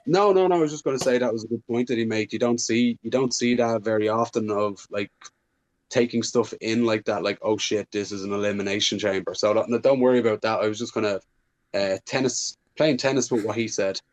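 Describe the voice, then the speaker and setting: A man's voice: mid-range voice, a little fast. A man, a wrestler guest on a podcast, chatting casually and rambling with lots of fillers.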